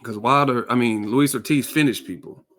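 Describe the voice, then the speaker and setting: A man's voice: mid-range voice, moderate pace, a bit bright, a little hiss or hum. Profane joking man ranting about boxing. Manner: joking, profane, acts out quotes with laughs. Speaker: boxing commentary channel host. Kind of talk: casual opinion rant.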